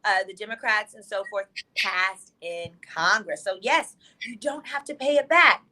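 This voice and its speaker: Speaking over a video call from her hotel room, a female legal expert guesting on a talk show explains with fast, emphatic excitement. Her voice sits in the mid range, and the recording is low in quality.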